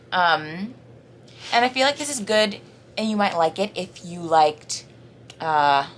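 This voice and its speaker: A woman's voice: lowish voice, a little hiss or hum. A young woman from the American South chatting casually in a reading vlog, rambling with lots of fillers. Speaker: book vlogger.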